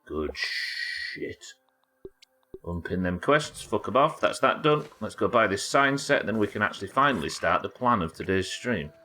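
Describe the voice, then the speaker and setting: A young Yorkshire man livestreams a game, chatting casually, swearing, and talking to his chat as he plays. His lowish voice has lively intonation, a moderate pace, and a pushed, bright quality.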